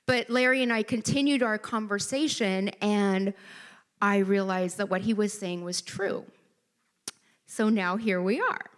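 A woman's voice: medium pitch, normal speed. A middle-aged woman giving a personal testimony at a church gathering, telling her story with animation and acting out the voices she quotes.

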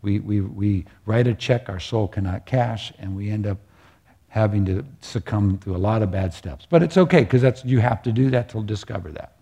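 Male preacher, mellow and husky, earnest conversational sermon that keeps checking in with listeners. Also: on the low side, normal speed.

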